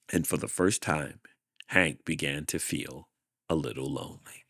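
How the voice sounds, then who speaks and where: A man hosting a show, reading a children's storybook aloud in a deliberate, expressive way. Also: very deep voice, no echo, studio quality. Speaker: host reading a children's book.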